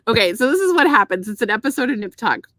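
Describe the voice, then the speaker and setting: A middle-aged woman co-hosting a podcast, telling stories in an animated, profane, casual way. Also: on the high side, fast talker, dry recording. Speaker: podcast co-host. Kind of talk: casual chat.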